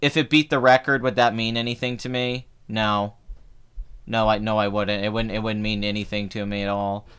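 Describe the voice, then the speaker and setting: A man's voice: on the low side, flat delivery, normal speed, fairly bright tone, clear, resonant tone. A man in his twenties, hosting a film channel, ranting heatedly and with profanity in casual live stream chat. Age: 20s. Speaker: film review channel host.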